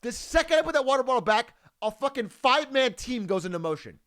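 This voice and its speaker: A man's voice: very high voice, big pitch swings, fast talker, a bit bright. A man telling a story casually, swearing freely and breaking into laughter often.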